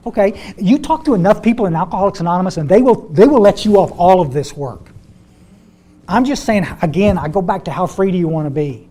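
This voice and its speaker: A man's voice: sits high, fast talker, dark tone. An older man speaking to a recovery group, folksy and repeating words as he tells his story. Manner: folksy, repeats words, addresses audience as y'all. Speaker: AA step study speaker.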